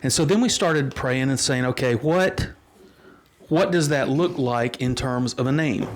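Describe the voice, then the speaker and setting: Earnest pastor telling a story. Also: male voice, mid-range voice. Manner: earnest, unhurried storytelling with frequent restarts. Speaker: pastor and interview guest. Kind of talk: storytelling in a casual interview.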